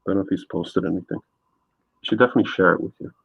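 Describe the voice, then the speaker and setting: A husky, fairly low-voiced man rambling easily with lots of fillers as he paints and chats on a live stream. The sound is thin and phone-like, with no room echo at all. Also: fast. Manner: rambling, laid-back, frequent fillers. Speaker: streaming artist host. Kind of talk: casual chat while painting. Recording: tinny phone-like sound, dry.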